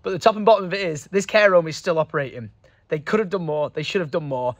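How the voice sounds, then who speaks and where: A man's voice: a little high, fast talker, no echo. A young man, talking casually and emotionally to camera in a vlog, earnest and full of fillers. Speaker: vlogger.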